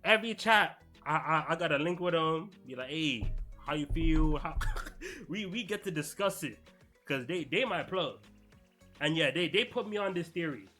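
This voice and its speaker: A young man hosting a casual manga reaction vlog, excitable and slangy, swearing and talking straight to his viewers. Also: fairly high pitch, moderate pace, soft background music.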